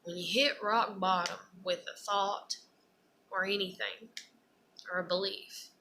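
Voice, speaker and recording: Woman, earnest unscripted personal talk, slow delivery, faint background noise. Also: medium pitch, steady tone. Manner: earnest, rambling, turns loud and emotional when acting out despair. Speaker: speaker giving a personal talk.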